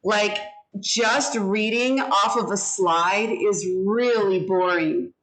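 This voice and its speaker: Slow-spoken woman teaching a video-call class. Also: medium pitch, fairly bright tone, rough recording. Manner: slow, deliberate, models inflection and syllables.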